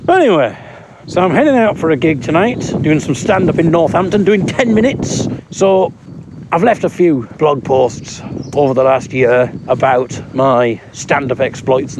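A man, a stand-up comedian recording a casual spoken blog while walking outside, rambling with dry, self-mocking humour. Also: medium pitch. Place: outdoors on an urban street with traffic. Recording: street noise behind a mobile recording.

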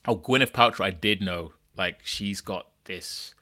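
A man's voice: low voice, a little slow, sharp tone, no echo. A man hosting a podcast, talking in a rambling, questioning way with lots of restarts and "right?" tags. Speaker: podcast host. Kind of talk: casual chat.

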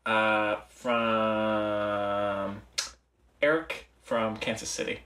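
A man's voice: on the low side, level tone, drawn-out words, pushed and bright. A man co-hosting a podcast, chatting casually with a dry, teasing manner. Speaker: podcast co-host. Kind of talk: casual chat. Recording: echoey room, mic at a distance.

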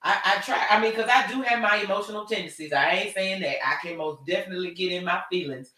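Animated woman co-hosting a live talk show. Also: medium pitch, fast. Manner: frank, animated and talkative. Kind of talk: casual chat about relationships. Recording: roomy sound, mic at a distance.

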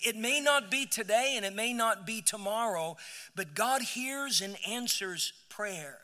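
A man's voice: high-pitched, expressive, slow pace, pushed and bright. A man preaching a sermon, telling a story with many repeated words and rising to emphatic peaks. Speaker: pastor. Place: church sanctuary. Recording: church hall with long reverb.

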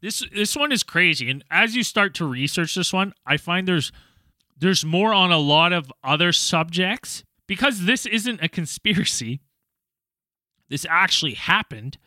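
A man hosting a casual podcast, chatty and relaxed, reading listener stories and steering the talk. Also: high voice, a little slow, dry recording. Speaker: podcast host.

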